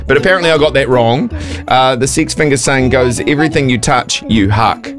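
A man's voice: mid-range voice, animated, brisk. A man with an Australian accent hosting breakfast radio, rambling and self-deprecating as he banters and takes calls. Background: music bed.

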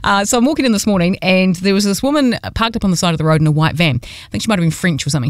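A woman's voice: on the low side, expressive, rapid-fire, no echo, studio quality. A woman with a New Zealand accent, hosting a radio show and telling a story in a chatty, self-mocking way. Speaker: radio host. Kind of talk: casual on-air storytelling. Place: radio studio.

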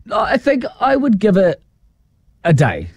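A man co-hosting drive-time radio, cheeky and quick to laugh. His pitch swings wildly up and down as he jokes. The sound is close and dry, straight into a studio mic. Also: wildly swooping pitch, a little mellow, breathy edge, dry recording. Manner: playful, laughs a lot, cheeky. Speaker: radio co-host. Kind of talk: radio drive-show banter. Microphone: studio microphone.

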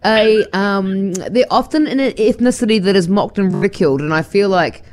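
A woman's voice: mid-range voice, normal speed. A woman co-hosting a breakfast radio show, playful and joking. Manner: playful, animated. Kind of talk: casual radio banter.

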